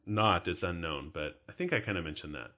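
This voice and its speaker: Bright-voiced chatty man hosting. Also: low voice, lively intonation, brisk. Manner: chatty, jokey, frequent laughter. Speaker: podcast co-host. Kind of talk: casual chat.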